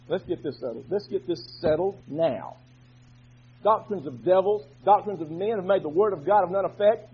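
Fervent high-voiced husky male preacher. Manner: fervent, swings from quiet talk to shouting. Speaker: pastor. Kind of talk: sermon. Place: church. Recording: dull lo-fi recording.

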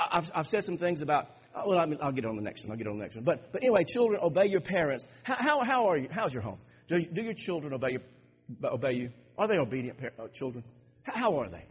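A man's voice: fairly high pitch, very animated, fast, slightly rough. A man preaching a sermon to his congregation, emphatic, often repeating words and restarting his phrases. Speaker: pastor. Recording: dull lo-fi recording with long hall reverb.

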